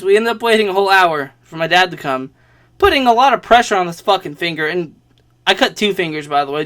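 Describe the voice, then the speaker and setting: Young guy vlogging, kinda high voice, rambly and sweary, keeps laughing. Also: fairly bright tone. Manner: rambling, swears a lot, laughs between lines. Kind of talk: casual storytelling.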